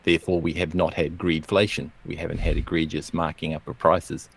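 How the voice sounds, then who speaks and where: A man's voice: a bass voice, level tone, brisk, vocal fry, breathy edge. A male co-host talking casually and rambling a little, correcting himself as he goes, before reading a comic rhyming poem. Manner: rambling, self-correcting, chuckles at own jokes.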